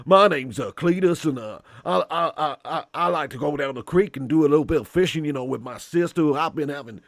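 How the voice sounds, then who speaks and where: A man putting on a Southern US accent to voice a boastful hillbilly man, loud and halting. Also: fairly high pitch, gravelly, dry recording, clean studio sound. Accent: put-on Southern US. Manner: loud, halting, laughing through it.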